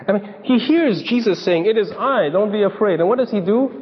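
A man's voice: sits high, expressive, moderate pace, slight background noise. A man preaching a sermon, telling stories and acting out the people he quotes with emphasis. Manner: storytelling, acts out quoted voices, emphatic. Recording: dull lo-fi sound in a reverberant hall.

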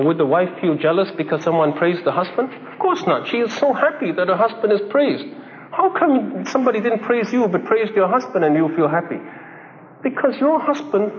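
A man preaching a sermon in a conversational way, acting out little dialogues and chuckling as he goes. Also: high voice. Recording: dull echoey hall recording with faint hiss.

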